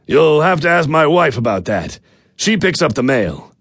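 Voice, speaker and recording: Guy doing a barky backwoods dude w a shotgun, gruff, loud, bit sheepish, dry audiobook sound. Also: a little high, sing-song, moderate pace, no echo, voice pushed up, exaggerated voice. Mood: grudging. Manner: barking, loud when calling out. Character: gruff armed rural man, blustering then meek. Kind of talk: audiobook character voice.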